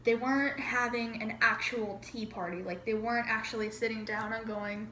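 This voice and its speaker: A woman's voice: fairly high pitch, steady tone, normal speed, few pauses, sharp tone, roomy sound, a little hiss or hum, poor audio. A woman casually retelling a history lesson in a chatty, irreverent way, acting out quotes and swearing now and then. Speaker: amateur history explainer.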